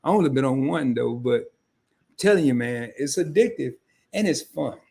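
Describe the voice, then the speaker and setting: A man's voice: medium pitch, moderate pace, gravelly. A man hosting a casual travel livestream, chatting with viewers and acting out little dialogues. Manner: animated, acts out quoted dialogue; greets chat viewers by name. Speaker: livestream host.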